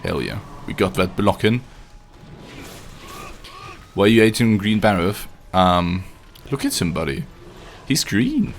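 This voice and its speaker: Faint music plays behind a man with a lowish, sing-song voice who speaks a little slowly and leaves long pauses. He's streaming a video game live, bantering and swearing with the people watching.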